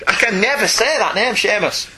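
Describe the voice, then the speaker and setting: A man's voice: sits high, expressive, normal speed, pushed and bright, slight background noise. A man co-hosting a casual podcast, reading listener emails aloud with frequent laughs and asides.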